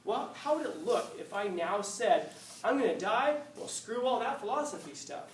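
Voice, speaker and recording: A man's voice: high voice, very animated, normal speed, pitched above the performer's own voice. A male teacher voicing a proud, defiant old male philosopher who reasons earnestly, recorded in an echoey classroom from a distance. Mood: resolute. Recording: echoey classroom, far mic, faint hiss.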